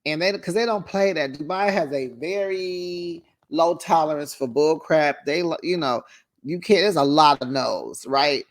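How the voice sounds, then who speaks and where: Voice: medium pitch, measured pace. Sassy chatty reality-show recap host. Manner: sassy, chatty, calls listeners honey and child. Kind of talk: casual recap commentary.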